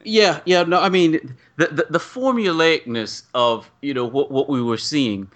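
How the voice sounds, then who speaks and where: A man's voice: a little high, a little slow, a bit bright. A man casually discussing a movie as a podcast co-host, thinking aloud with restarts. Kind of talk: casual movie review chat.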